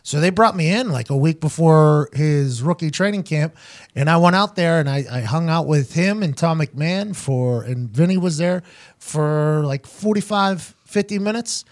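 A man in his thirties, a podcast host and former punter, telling stories in a loose, profane, animated way. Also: fairly high pitch, normal speed. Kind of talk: casual storytelling chat.

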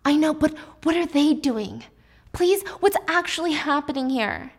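A woman's voice: high voice, lively intonation, measured pace, voice pushed up. A woman doing a frantic young wife. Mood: distraught pleading. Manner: pleading, distraught. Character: frightened young wife insisting on the truth.

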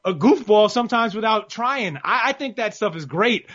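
A man with a high, bright voice chats loosely about boxing, tripping over his own words as he gets excited. The sound is a little dull and lo-fi. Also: moderate pace. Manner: rambling, excitable, many restarts. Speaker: boxing podcast co-host. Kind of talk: casual sports chat. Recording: slightly muffled lo-fi mic.

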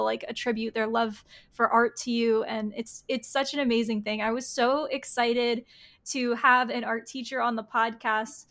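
Young woman, podcast host, slightly high voice, gushing, lots of "like". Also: vocal fry, fairly bright tone. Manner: gushing, heavy use of filler "like". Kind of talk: casual podcast conversation.

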